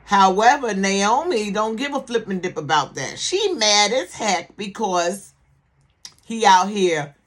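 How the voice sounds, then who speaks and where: A woman reviews a TV series in casual, sassy commentary. She repeats herself for emphasis and keeps checking that the listener is with her. Her voice sits at a middle pitch. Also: sing-song, slow pace. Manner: sassy, emphatic, keeps asking "okay?" for agreement.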